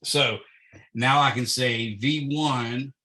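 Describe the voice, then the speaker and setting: A man's voice: mid-range voice, steady tone, takes it slowly, pushed and bright, low-quality recording. A man tutoring physics, working through a problem step by step and thinking aloud with fillers.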